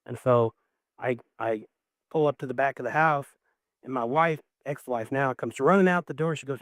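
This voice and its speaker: A male caller tells his story to a radio host in a smooth, clear voice. He rambles, filling his talk with "like" and "you know", at a middle pitch. The sound is close and dry. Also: moderate pace, a bit bright, no room sound. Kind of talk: emotional call-in storytelling.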